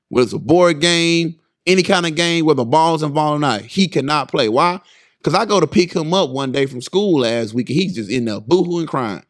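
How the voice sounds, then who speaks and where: A man in his thirties hosting a casual parenting podcast. He tells family stories in a lively way, keeps checking in with his listeners, and acts out his sons' voices with big jumps in pitch. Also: a little fast. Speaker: podcast host and father.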